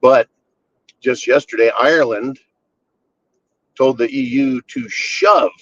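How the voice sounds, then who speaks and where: A man hosts a blunt commentary monologue, sarcastic and full of profanity. His voice sits at an ordinary male pitch. The recording is slightly dull and lo-fi. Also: sing-song, slow, vocal fry, a bit bright, no echo. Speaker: channel host.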